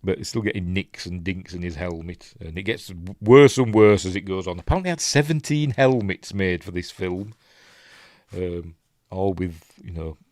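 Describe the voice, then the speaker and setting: A man's voice: sits low, normal speed, a little mellow, no room sound. A man with a Yorkshire accent casually breaking down a film scene by scene, rambling and often stopping to find his place. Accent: Yorkshire English. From Yorkshire, England. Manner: rambling, self-interrupting, quotes lines in put-on voices. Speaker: movie reviewer.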